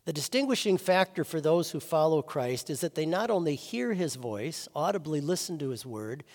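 Male pastor, earnest sermon delivery with loud peaks and soft drops, slightly high voice, reverberant church. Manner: earnest preaching, swings from loud emphasis to soft low phrases.

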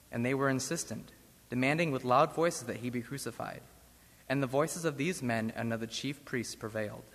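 A man reading a Bible passage aloud in church with a measured, solemn delivery. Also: mid-range voice, fairly bright tone. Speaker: scripture reader. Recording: long church reverb.

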